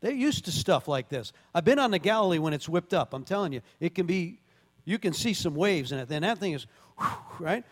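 Male pastor, high voice, conversational sermon with sudden emphatic bursts, long hall reverb. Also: very animated, a little fast. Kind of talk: sermon with scripture reading.

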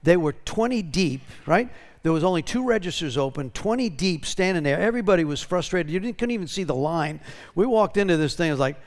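A man's voice: high voice, expressive, a little fast, few pauses. A pastor talking casually to his congregation, drawing out testimonies and often checking in with "right?". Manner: conversational, tag questions.

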